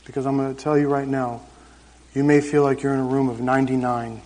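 A man in his thirties with a darkish, mid-range voice speaks a little fast and in a level tone as he gives his testimony to the congregation. His storytelling is conversational but emphatic. The church service is recorded in an echoing hall.

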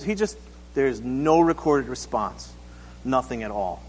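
A man's voice: medium pitch, sing-song, measured pace, big-room sound. A man preaching a conversational sermon, speaking casually, acting out quotes and asking the congregation questions. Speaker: pastor.

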